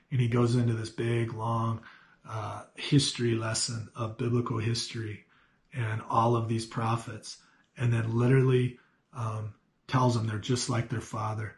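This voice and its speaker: A middle-aged man leads a youth Sunday school lesson, reading scripture aloud and then explaining it. He talks in an earnest, conversational way, full of restarts and fillers, in a voice of ordinary pitch. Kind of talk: Bible lesson to teens.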